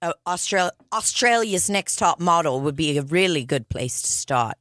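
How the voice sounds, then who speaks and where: A woman co-hosting a casual comedy podcast, animated and laughing often. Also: fairly low pitch, normal speed, no room sound, clean studio sound. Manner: animated, laughs a lot, jokey voices. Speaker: podcast co-host.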